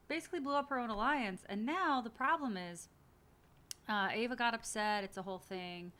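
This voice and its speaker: Bright-voiced woman hosting a watch party. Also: medium pitch, normal speed. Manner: chatty, blunt, swears casually. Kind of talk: casual reaction commentary.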